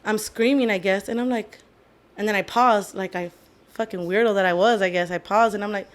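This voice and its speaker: A woman's voice: medium pitch, steady tone, brisk. A woman sits at a podcast mic and tells a long personal story in a loose, candid way. She swears freely and drops short Spanish phrases into her English. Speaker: podcast co-host. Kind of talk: casual storytelling chat.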